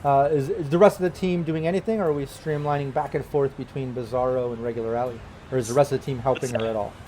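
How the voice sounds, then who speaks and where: A man's voice: medium pitch, fairly even intonation, fast, mellow, a little hiss or hum. A man narrating as game master of a tabletop game, loose and full of fillers.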